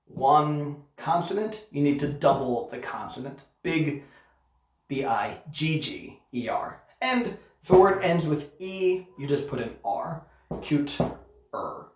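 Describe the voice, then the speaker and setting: Slow, slightly high-voiced male teacher, patient explainer, muffled roomy sound. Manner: patient, explains step by step with frequent "okay?". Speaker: English teacher. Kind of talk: recorded online lesson. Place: Korea. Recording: echoey room, muffled sound.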